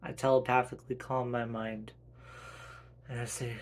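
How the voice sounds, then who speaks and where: A man narrating a role-play story in first person, plain and low-key. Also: little pitch movement, normal speed.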